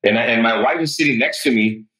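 A man on a podcast, telling his weight loss story in an animated, chatty way and peppering it with "like" and "dude". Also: mid-range voice, fast, rough recording. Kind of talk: casual interview storytelling.

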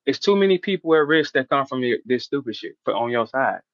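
A middle-aged man hosting a casual interview, loudly calling out a rival with brash, repetitive trash talk. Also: medium pitch, lively intonation, fairly quick, a loud crowd. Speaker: host. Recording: dull, dry lo-fi sound.

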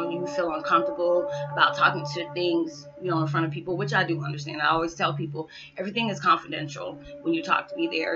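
Brief: woman spiritual vlogger, loose rambling chat, slightly low, bright voice, muffled lo-fi recording. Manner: rambling, chatty, many fillers like "you know" and "it's just like". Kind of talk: casual monologue to camera. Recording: dull lo-fi sound.

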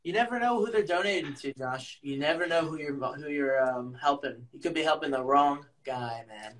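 Teasing man with a higher voice. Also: moderate pace, a bit bright. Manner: teasing, acts out anecdotes with hesitant restarts. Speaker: podcast co-host. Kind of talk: casual chat.

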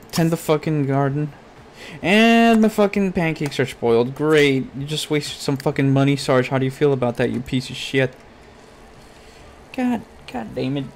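With a slightly high voice and a little background noise, a gaming YouTuber gives profane Let's Play commentary. He curses constantly and talks to his character, scolding it as he rants.

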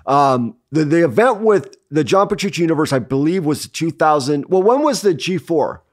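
A man with a fairly high voice tells a long, rambling story as a podcast co-host. He slips into the voices of the people he quotes and keeps the tone casual. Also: lively intonation, moderate pace. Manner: rambling anecdote that acts out quoted dialogue.

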